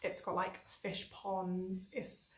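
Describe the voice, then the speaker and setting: Speaking slowly in a medium-pitched voice, an English travel vlogger tells chatty, animated stories packed with fillers. She's recording her travel diary in an echoey room.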